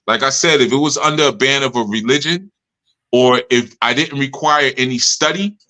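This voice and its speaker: A man's voice: mid-range voice, sharp tone. A middle-aged man leading a live study session, talking in a streetwise, joking way and acting out his followers' complaints. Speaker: spiritual leader of a study group.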